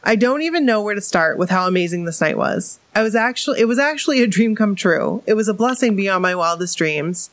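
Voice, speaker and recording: A woman's voice: medium pitch, lively intonation, a little fast, hardly any pauses, no room sound. Chatty, upbeat woman co-host. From New England. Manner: enthusiastic, laughs often. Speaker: podcast co-host reading listener stories. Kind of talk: casual chat and reading aloud.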